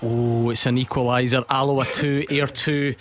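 A man's voice: mid-range voice, little pitch movement, a bit bright, slight background noise. A Scottish man hosting a football radio show, trading jokes and reading out scores in a studio. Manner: jokey, quick to laugh. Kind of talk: casual studio chat and score updates. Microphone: studio microphone.

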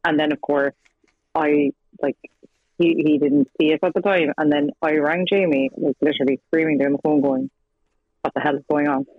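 Over a dry, tinny phone line, a guest who used to be the subject's partner shares her story in a casual interview. She's Irish, with a low voice, a steady tone and a moderate pace, and there's no echo. Chatty throughout, she performs quoted lines and laughs in between them.

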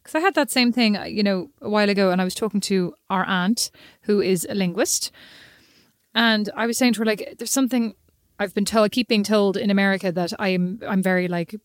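A woman's voice: medium pitch, a little fast, no room sound, clean studio sound. A young Irish woman, a podcast co-host, teasing and chatting casually. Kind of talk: casual chat.

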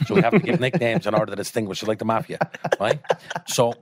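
Low-voiced Irish man, swearing storyteller, dry sound. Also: sing-song, fast talker, creaky, dry recording. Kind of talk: casual anecdote.

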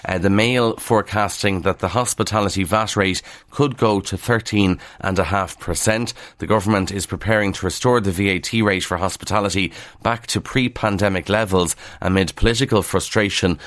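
A man with an Irish accent from Kildare, presenting a brisk morning newspaper review on radio with wry asides. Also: sits low, a bit bright, no room sound.

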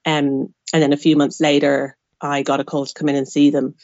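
Irish woman on a radio interview, frank and fed up, lowish voice, bit muffled and lo-fi. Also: flat delivery, a little fast, darkish tone, no room sound. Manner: frank and exasperated, with wry asides. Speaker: interview guest, adopted person.

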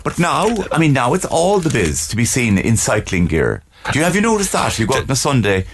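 A man's voice: medium pitch, sing-song, fairly quick, a little hiss or hum. A man putting on a snobbish, pompous Cork socialite for a comic radio bit, with an affected drawl. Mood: haughty. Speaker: comic guest character.

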